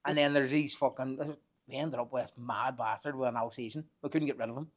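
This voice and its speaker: A man's voice: mid-range voice, fairly even intonation, a little fast. Man, 40s, podcast guest, profane, laughing, rambling storyteller. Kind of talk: casual storytelling.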